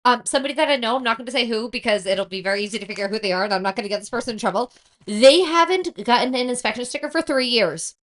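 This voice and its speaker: A podcast co-host with a high-leaning voice tells stories in rapid-fire fashion during a casual chat. Her storytelling is animated and full of swearing.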